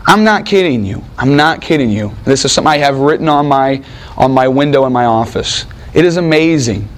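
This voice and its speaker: A man preaching a sermon in an animated, conversational way, with joking asides to the congregation. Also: medium pitch, fairly quick. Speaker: pastor.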